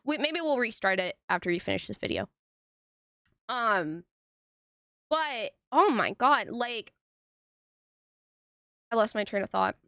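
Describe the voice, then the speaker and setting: A young woman streaming, telling stories in casual chat, animated and full of tangents and swearing. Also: fairly high pitch, unhurried, creaky, long pauses, no echo, clean studio sound. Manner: animated, tangent-prone storytelling with frequent swearing.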